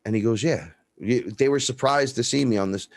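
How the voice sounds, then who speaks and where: A man's voice: mid-range voice, brisk, no echo, studio quality. A man telling stories in a casual, profane chat, acting out the dialogue. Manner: profane, animated, acts out dialogue in his stories. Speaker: guest.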